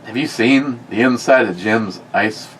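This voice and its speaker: A man in a relaxed chat who tells stories in long, winding runs, restarting his sentences as he goes. His pitch sits in a middle range. When he quotes people he gets lively, and a faint steady noise sits under the recording. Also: measured pace, rough recording. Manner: rambling, self-correcting, animated when quoting. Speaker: podcast co-host. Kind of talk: casual storytelling chat.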